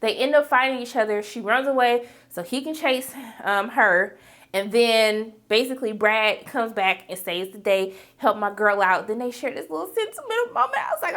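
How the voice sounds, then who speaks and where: A woman's voice: on the high side, expressive, normal speed, fairly bright tone. A woman giving a casual, chatty recap of a TV episode, calling her viewers "y'all" and acting out the characters' lines. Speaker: TV episode reviewer.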